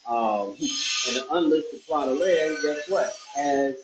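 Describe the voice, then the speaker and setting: A man's voice: on the high side, slow, noisy background. A man, a real estate investor, talking casually to his viewers in a loose, rambling way with lots of restarts. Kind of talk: casual vlog talk to viewers. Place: indoors, a warm room. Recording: echoey room, dull lo-fi sound.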